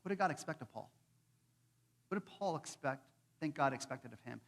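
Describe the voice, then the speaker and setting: Male pastor, sermon delivery, animated and expressive, husky tone, long hall reverb. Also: on the high side, a little fast. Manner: animated, acts out voices of people in the story. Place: church hall.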